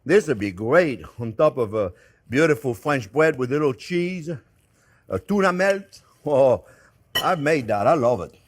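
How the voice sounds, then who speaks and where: A middle-aged man hosting a casual cooking demonstration, chatty and animated, telling stories as he cooks. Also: mid-range voice, measured pace, background noise. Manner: chatty, animated storytelling, exclamations. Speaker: cooking show host.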